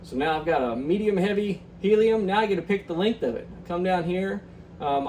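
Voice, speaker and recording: A man's voice: on the high side, a little mellow, far from the mic, slight background noise, poor audio. A young man hosting a fishing channel, chatting upbeat through a walkthrough with lots of ums and uhs. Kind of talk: casual screen walkthrough.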